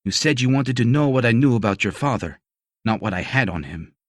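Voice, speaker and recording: A man's voice: medium pitch, lively intonation, fairly quick, no room sound, studio quality, voice pushed up, close to an everyday voice. A man voicing a crude, menacing male prosecutor in an audiobook, speaking in a mocking, threatening way. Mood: taunting. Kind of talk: audiobook character voice.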